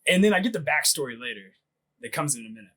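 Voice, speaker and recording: A man's voice: on the high side, big pitch swings, fast talker, a bit bright, poor audio. A man casually telling a long story on a podcast, laughing often, swearing freely and filling his speech with "like.". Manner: laughing, profane, rambling with lots of "like". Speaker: podcast host.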